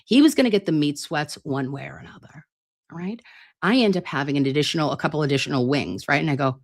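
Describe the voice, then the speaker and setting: Talking fast on a computer mic, a woman in her late thirties hosts a casual livestream chat. She has a low voice she herself calls grating, and she rambles in a chatty, playful, crude way, swearing freely.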